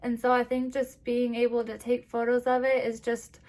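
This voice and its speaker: A young woman talking to camera in a personal vlog, tearful and short of breath, halting with fillers and restarts. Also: a little high, monotone, darkish tone. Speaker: vlogger.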